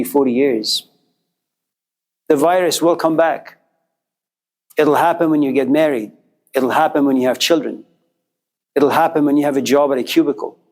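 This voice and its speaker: A male lecturer tells a story to his listeners in a loose, conversational way, turning to address them directly. His voice sits a bit on the high side for a man. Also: darkish tone. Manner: acts out quoted characters with jumps in pitch.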